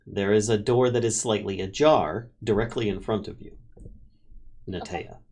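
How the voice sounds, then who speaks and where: A man's voice: on the low side, normal speed, darkish tone. A man running a tabletop game as game master, describing scenes and laughing often as he narrates.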